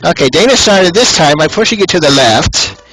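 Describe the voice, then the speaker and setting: A man's voice: fairly high pitch, sing-song, normal speed, a bit bright, voice pushed up, low-quality recording. A man voicing an old grandmother who tells a story in plodding, overly fussy detail. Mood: doting storytelling.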